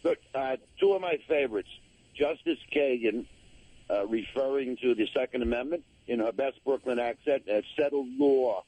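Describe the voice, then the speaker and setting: A man's voice: mid-range voice, normal speed, darkish tone, no echo. Hesitant male caller on a dull line. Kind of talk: call-in chat.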